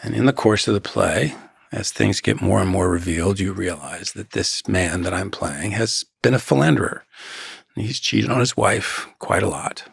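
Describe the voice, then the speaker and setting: A man in his sixties, a guest on a podcast, talking in a measured, halting way with quoted asides and dramatic pauses. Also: sits low, vocal fry, husky, no echo, studio quality. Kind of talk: reflective interview storytelling.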